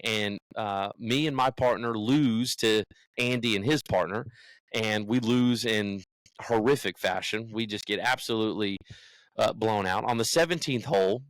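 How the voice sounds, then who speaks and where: A man's voice: medium pitch, a bit bright, no room sound, poor audio. A young man from the United States, a podcast co-host, tells a story in casual chat and acts out what other people said.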